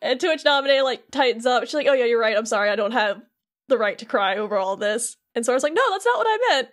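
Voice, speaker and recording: A woman with a slightly high voice speaks fast as she co-hosts a casual podcast. She retells a game's story scene by scene, quoting the characters in her own voice.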